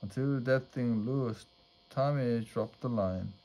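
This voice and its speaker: A man reading a children's storybook aloud at a measured pace. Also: medium pitch, dark tone. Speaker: storybook reader.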